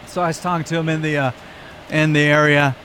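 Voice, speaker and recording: A man who is an airline pilot, telling a story in a relaxed, rambling way with many pauses. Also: on the high side, slight background noise. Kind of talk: casual anecdote.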